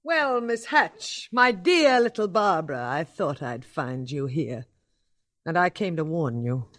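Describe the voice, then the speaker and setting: A haughty museum curator snaps and threatens in a vintage radio drama. Her delivery is sharp and bossy, recorded close and dry. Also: sits low, expressive, unhurried, no room sound. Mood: menacing. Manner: sharp and domineering. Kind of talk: 1940s radio acting.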